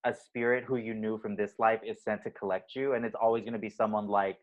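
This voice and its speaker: A man with a lowish voice co-hosting a casual podcast chat, rambling through stories with plenty of ums and likes. The recording sounds a little dull and muffled. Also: flat delivery, quick pace. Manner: chatty storytelling with many fillers. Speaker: podcast co-host.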